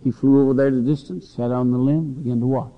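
A man's voice: medium pitch, fairly even intonation, quick pace. A man preaching a sermon to students, telling folksy stories and acting out voices. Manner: folksy storytelling, acts out voices. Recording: dull lo-fi recording with long hall reverb.

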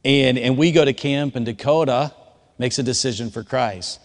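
A pastor delivering a sermon as a story, his voice sinking to near hush and then climbing to shouts. Long reverb from a church hall trails after his words. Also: medium pitch, normal speed. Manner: swings from hushed storytelling to shouted quotes. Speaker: youth pastor.

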